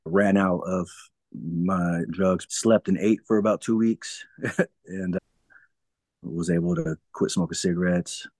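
A man's voice: low voice, steady tone, slow pace, darkish tone, no room sound. A man speaking as an interview guest and telling his personal story frankly. He often acts out past conversations and laughs through hard memories.

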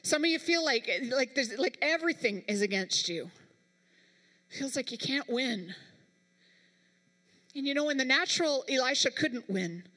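A woman's voice: high voice, expressive, moderate pace, long pauses, bright, forceful tone, in a large hall. A woman preacher delivering a sermon, talking emphatically and straight to her congregation. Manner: emphatic, speaks directly to the congregation.

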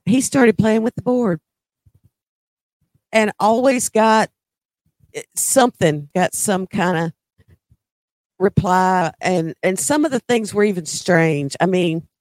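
Lady telling spooky family stories real slow, dry sound, lots of pauses. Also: medium pitch, a little mellow, no room sound. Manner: slow, deliberate, dramatic pauses. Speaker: storyteller. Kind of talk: personal paranormal storytelling.

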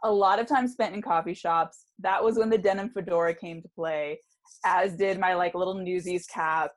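A woman's voice: lowish voice, fairly even intonation, moderate pace. Laughing woman podcast co-host. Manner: giggly, reads her old diary aloud dramatically. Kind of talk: casual chat.

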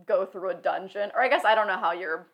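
A woman's voice: medium pitch, fast talker, lo-fi sound. A woman in casual podcast chat about tabletop games, laughing often and peppering her talk with "like". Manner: chatty, laughs often, lots of "like".

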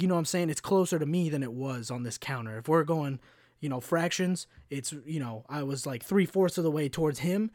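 Young male podcast host, fairly high voice, dry close mic, swears freely and vents about work. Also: no room sound. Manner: profane, exasperated ranting with acted-out quotes. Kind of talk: casual storytelling monologue. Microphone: podcast mic, no camera.

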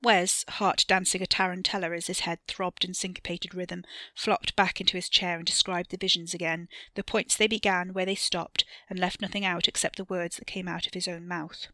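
A woman narrates serial fiction in a measured, expressive way, her low-pitched voice bright and forceful. The recording is dry and close to the mic, with no room sound. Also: dry recording. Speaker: podcast storyteller.

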